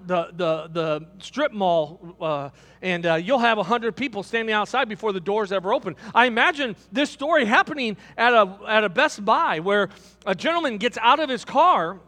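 High bright-voiced Midwestern pastor preaching. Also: male voice, big-room sound. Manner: storytelling, animated, asks the congregation questions. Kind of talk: sermon.

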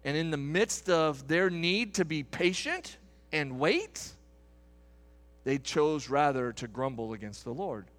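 Bright-voiced, high-pitched man preaching. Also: animated, takes it slowly. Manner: earnest, repeats words as he builds emphasis; acts out quoted complaints in a raised voice. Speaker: pastor. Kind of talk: sermon. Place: church.

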